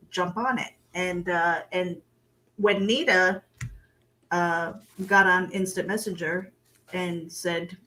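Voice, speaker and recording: A woman's voice: lowish voice, a bit bright. A woman guest in a casual chat, candid and self-deprecating, often laughing as she talks.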